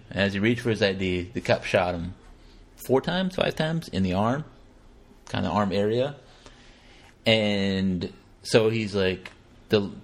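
A man talking casually as a podcast host, animated and profane, acting out quotes in exaggerated voices. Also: fairly low pitch. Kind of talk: casual conversational commentary.

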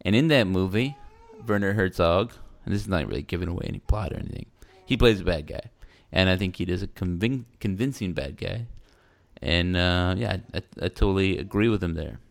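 A man's voice: low voice, a little fast, creaky. A man, co-hosting a podcast in rambling, self-mocking casual chat. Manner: rambling, loose and self-mocking, with playful put-on quotes. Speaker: podcast co-host.

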